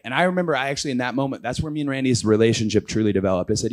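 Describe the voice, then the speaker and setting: This clip features a man in his thirties, a professional wrestler guesting on an interview, speaking quickly at a medium pitch. While spinning a laid-back story, he performs the quoted lines in a louder, raised voice.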